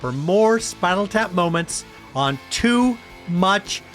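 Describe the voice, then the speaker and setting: A man's voice: sits high, lively intonation, slow, a bit bright, soft background music. A man hosting a podcast, reading scripted intros and outros full of puns. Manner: punning, upbeat announcer. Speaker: podcast host.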